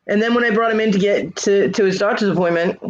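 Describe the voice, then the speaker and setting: A woman's voice: medium pitch, fast talker. A middle-aged woman telling a funny family story in a casual chat, laughing often and acting out the quoted voices. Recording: dull lo-fi live stream audio.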